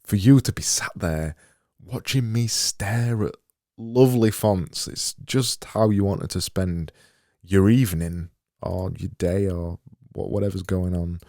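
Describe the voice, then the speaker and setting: A man with a deep, mellow voice rambles through a livestream of his design work. He talks slowly and mutters to himself, often mocking himself. The sound is close and dry. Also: no echo. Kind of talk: thinking-aloud livestream commentary.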